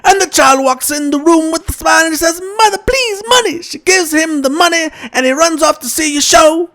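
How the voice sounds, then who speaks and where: A man doing a stand-up impression of a fussy, preachy older male comedian, speaking in stiff, mock-formal phrasing with quaint euphemisms and a slow, sing-song delivery. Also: very high-pitched, bright, forceful tone, pitched above the performer's own voice, exaggerated voice. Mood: prim.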